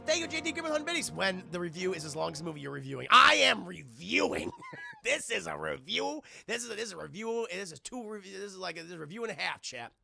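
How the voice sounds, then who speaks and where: Excitable, gravelly, high-voiced streamer. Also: male voice, fast. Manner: excitable, profane, laughs often, chatting with viewers; acts out scenes in exaggerated voices. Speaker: streamer and film reviewer. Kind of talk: live-stream casual film review.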